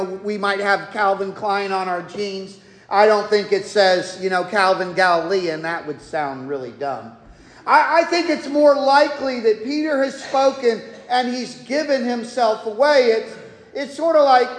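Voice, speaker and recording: A man preaches at an unhurried, slow pace, folksy and conversational with humorous asides. His voice rings through a large church sanctuary with a long, echoing reverb. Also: very high-pitched. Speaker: pastor. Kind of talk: expository sermon. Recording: echoey hall with long reverb.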